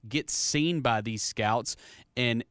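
A man hosting a sports radio show, giving steady, plain-spoken opinions in casual talk. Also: mid-range voice, takes it slowly, smooth, dry recording, clean studio sound.

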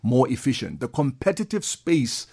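A man's voice: medium pitch, sing-song, normal speed, gravelly, dark tone, slightly rough. A man, a guest expert explaining things enthusiastically in a conversational interview. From South Africa.

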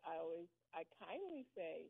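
A middle-aged woman calls in by phone, speaking hesitantly with frequent pauses and restarts. Her voice comes through a tinny, narrow phone line, dry and without echo. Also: fairly low pitch, sing-song, gravelly, slightly rough. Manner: hesitant, full of ums and restarts. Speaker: caller. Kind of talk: phone-in conversation. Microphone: telephone.

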